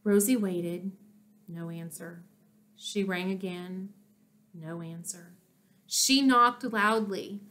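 A woman narrating a children's chapter book in an expressive storytelling manner. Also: fairly low pitch, takes it slowly, pauses often. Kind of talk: children's audiobook reading.

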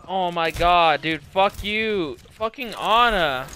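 A young man raging and swearing through live gameplay commentary, yelling at opponents. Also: high-pitched, expressive, slow, few pauses, clean tone. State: angry and agitated. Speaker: gaming streamer.

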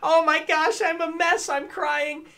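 Guy doing a super high weepy donor voice, gushy and whiny, sharp and bright. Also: fairly even intonation, measured pace, vocal fry, heavily acted. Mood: mocking gush. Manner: mocking, whiny falsetto. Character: gushing, weepy male donor, sappy and overwrought.

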